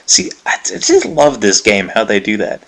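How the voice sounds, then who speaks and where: A man giving relaxed, chatty commentary on a game he plays for viewers, fond of its writing. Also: on the low side, moderate pace. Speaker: let's player. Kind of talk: gameplay commentary.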